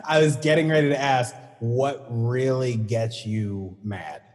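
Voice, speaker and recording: A middle-aged man of middling pitch hosts a loose conversation. He is relaxed and teasing and laughs often. His voice carries a long reverb tail. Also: a little slow. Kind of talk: casual chat.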